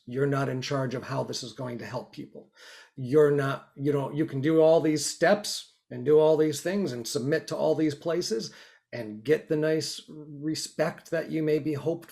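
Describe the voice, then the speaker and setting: A man hosting a conversational interview, with a gravelly, creaky texture to his voice. His voice sits at a mid pitch, and he speaks earnestly and reflectively, often restarting his sentences. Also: a little mellow. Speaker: podcast host. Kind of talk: casual interview chat. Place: New York.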